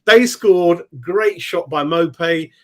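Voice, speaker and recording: A man's voice: high-pitched, slow. A man giving a post-match fan reaction, thinking aloud and hedging his views with I don't know. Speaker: football fan pundit.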